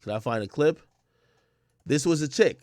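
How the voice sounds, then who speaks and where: A man's voice: on the high side, expressive, normal speed, a little mellow, no room sound, studio quality. Blunt, profane man streaming. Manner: blunt, profane, emphatic, repeats himself. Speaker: livestream host. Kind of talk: casual commentary stream.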